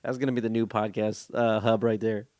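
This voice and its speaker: A man's voice: fairly low pitch, flat delivery, a little fast, darkish tone, clear, resonant tone, dry recording, studio quality. A man from California, a comedian and podcast guest, chatting casually with a profane, joking manner and frequent laughs. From Stockton, California, USA.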